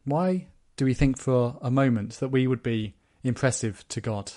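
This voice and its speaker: A man's voice: mid-range voice, moderate pace, dark tone. A man preaching a sermon, explaining scripture with rhetorical questions.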